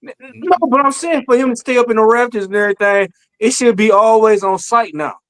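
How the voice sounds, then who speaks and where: A man's voice: sits high, fairly quick, a bit bright. A man co-hosting a wrestling podcast, emphatic, colloquial and blunt. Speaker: podcast co-host. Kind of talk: casual wrestling review chat.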